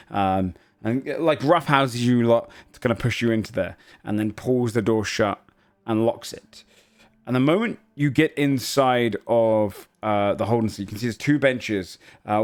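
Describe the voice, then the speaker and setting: A man narrating a tabletop game as game master, relaxed and full of "kinda" fillers. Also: lowish voice.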